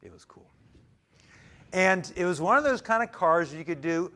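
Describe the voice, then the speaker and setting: A male pastor preaching a sermon in church. He swings from loud emphasis to near-whispered asides and often stammers and restarts. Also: high-pitched, animated, moderate pace.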